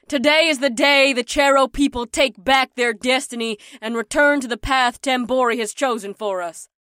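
A woman's voice: high-pitched, normal speed, a bit bright, dry recording, studio quality. A woman voicing a commanding rhino-woman queen mother in an audiobook, with a bombastic, declaring manner. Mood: proud. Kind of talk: audiobook character voice.

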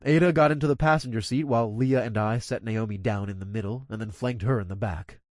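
A man's voice: fairly low pitch, quick pace, a little mellow, dry recording, clean studio sound. A man reading a first-person action story aloud in a casual, profane manner. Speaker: narrator.

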